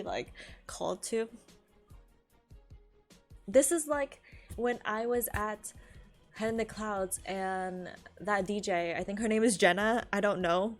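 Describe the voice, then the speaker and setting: On a live stream, a young woman from California talks at a medium pitch in a relaxed, meandering way. Frequent laughter and a steady stream of "like" run through her chat.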